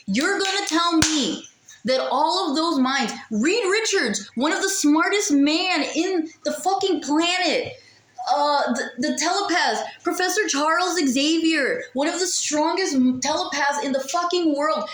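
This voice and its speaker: A woman's voice: on the high side, expressive, measured pace, a bit bright, roomy sound, a little hiss or hum. A woman ranting casually and sarcastically to a camera, exasperated and swearing freely. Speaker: vlogger. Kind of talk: casual rant.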